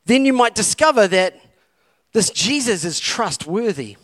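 A man's voice: high voice, very animated, measured pace, a bit bright. A man preaching a sermon as campus pastor, urging his listeners on with impassioned, repeated calls. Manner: impassioned, repetitive exhortation.

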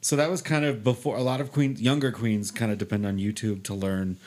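A man's voice: on the low side, steady tone, a little fast, a little mellow. A man co-hosting a podcast, asking the guest curious questions in a playful, casual way. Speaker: podcast co-host. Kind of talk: casual interview chat.

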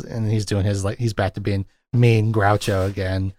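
At a moderate pace, this co-host speaks in a fairly low, darkish voice with fairly even intonation. His laid-back film talk rambles, retelling scenes amid many fillers, with studio-quality audio and no room sound.

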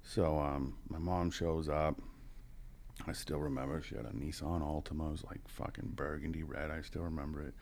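A man's voice: very deep voice, little pitch movement, moderate pace, gravelly, a little mellow, slight background noise. A man in his forties, a podcast guest, telling his story in a casual, profane way, full of "you know" and chuckles. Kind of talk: candid storytelling.

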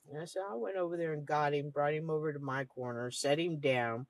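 Speaking a little fast with few pauses, this podcast host has a voice that sits low, captured in a dry recording. She recounts a long story casually and profanely, never softening anything, and performs everyone else's dialogue with animation.

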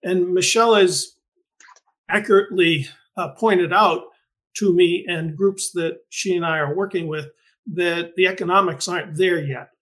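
High-voiced man hosting a podcast. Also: fairly even intonation, fairly bright tone. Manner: thoughtful, halting with frequent restarts. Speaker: podcast host and greenhouse researcher. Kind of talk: conversational interview.

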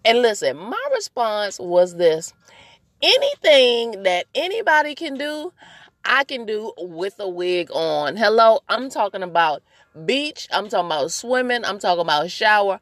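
A woman's voice: medium pitch, very animated, a little slow, a bit bright, dry recording. A woman hosting her own podcast in a playful, chatty way, talking straight to her listeners and laughing often. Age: adult, married. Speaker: podcast host. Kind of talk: casual solo podcast chat.

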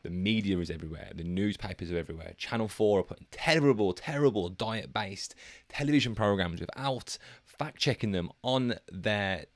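Deep-voiced man hosting solo. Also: normal speed, no echo. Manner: casual, chatty, self-deprecating, sometimes reading from notes. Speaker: podcast host and personal trainer. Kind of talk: solo podcast monologue.

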